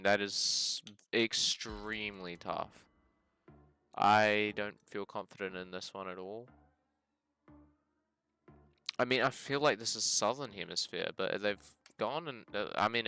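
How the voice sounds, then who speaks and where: Bright-voiced New Zealand man musing aloud. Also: on the low side, unhurried, clean tone. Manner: thinks aloud, hedging and musing, says "bloody" often. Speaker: gaming video host. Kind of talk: casual game commentary.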